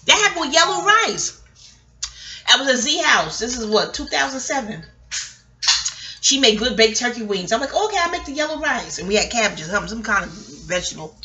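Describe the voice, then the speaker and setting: A woman vlogger talks through a rambling story with a bright, fairly high voice. She swings her pitch widely as she acts out the people she quotes, with loose laughter and casual swearing. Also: very animated, moderate pace.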